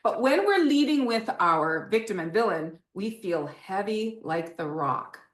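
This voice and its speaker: A woman author and educator talking in an interview, animated and encouraging, often asking rhetorical questions. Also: mid-range voice, unhurried, echoey room. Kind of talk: enthusiastic teaching talk in an interview.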